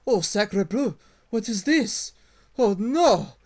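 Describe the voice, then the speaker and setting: A man's voice: high-pitched, big pitch swings, slow pace, a little mellow, pitched above the performer's own voice, heavily acted. A man voicing a jittery little male kobold lizard-man who frets, pleads and barks orders. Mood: alarmed. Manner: fretful, pleading, bossy.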